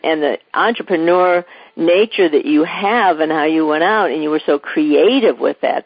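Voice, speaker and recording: Husky, enthusiastic radio interview host. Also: medium pitch, dry recording. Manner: enthusiastic, encouraging. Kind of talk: conversational interview. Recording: dry, muffled radio broadcast.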